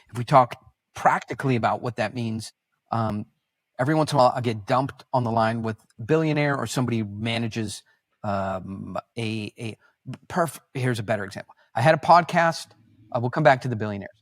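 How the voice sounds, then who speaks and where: A man who is a podcast guest, telling stories in an animated, rambling way, with restarts. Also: medium pitch, a little fast, no echo, studio quality. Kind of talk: casual conversational storytelling.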